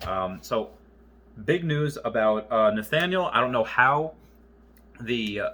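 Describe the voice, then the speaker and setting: A man's voice: mid-range voice, animated, slow, pushed and bright. A young man giving a casual vlog update, rambling as he reads aloud from handwritten notes. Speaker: gaming and investment YouTuber.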